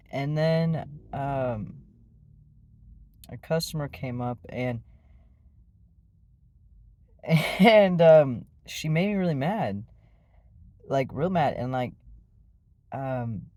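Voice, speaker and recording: A man's voice: medium pitch, a little mellow. A man telling a personal story in a casual, rambling way, with many fillers and restarts. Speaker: vlogger.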